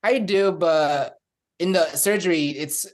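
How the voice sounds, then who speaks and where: A man who works in a hospital, a guest on a casual podcast, soft-spoken and quick to laugh. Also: fairly high pitch.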